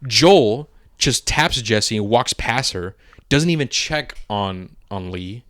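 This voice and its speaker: A man's voice: mid-range voice, animated, slow pace, fairly bright tone. A man co-hosting a podcast, chatting casually and animatedly through a movie spoiler review, laughing often and acting out quotes. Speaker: podcast co-host.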